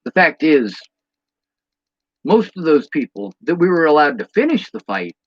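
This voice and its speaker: A man's voice: a little high, very animated, normal speed, no echo, muffled recording. A man delivering a blunt, profane rant as a monologue to camera, throwing out rhetorical questions. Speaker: vlogger.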